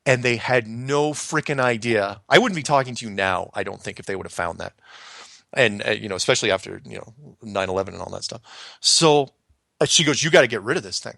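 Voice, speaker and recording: Middle-aged male storyteller, gravelly, chatty and animated, plays every character in his tale; dry close mic. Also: fairly low pitch, brisk, no room sound. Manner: animated, acts out quoted voices, laughs often. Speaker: storyteller guest recounting his past. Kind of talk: casual conversational storytelling.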